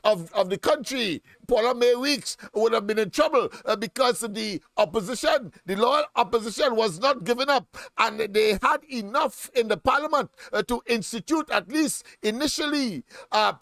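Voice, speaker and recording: A man giving solo political commentary as host, halting and full of fillers like "uh" and "of course". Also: extremely high pitch, animated, fairly bright tone, no room sound.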